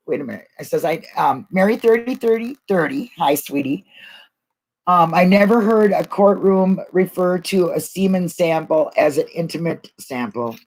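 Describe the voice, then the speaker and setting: A woman's voice: fairly low pitch, animated, moderate pace, darkish tone, low-quality recording. A woman co-hosting a livestream in casual chat, rambling and joking and laughing often. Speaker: co-host of a livestream.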